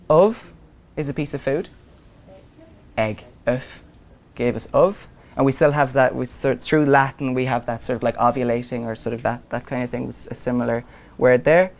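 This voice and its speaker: A young man lecturing to a university class, relaxed and conversational, thinking aloud with frequent ums. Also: medium pitch. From Ireland. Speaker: visiting lecturer. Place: lecture room.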